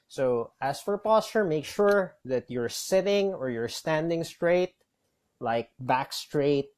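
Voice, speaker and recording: A man's voice: medium pitch, a little mellow. Rambling man giving coaching tips. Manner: rambling, many fillers and restarts; coaching, gives direct advice. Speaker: call center trainer. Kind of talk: casual instructional talk.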